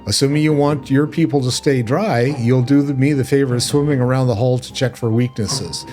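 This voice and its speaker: A man's voice: mid-range voice, fairly even intonation, a little fast, dark tone, soft background music, natural voice. A man voicing a blunt, mercenary male pirate captain from a video game, reading the lines aloud boldly. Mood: gruff. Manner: bold, boastful, reads game lines aloud with small stumbles.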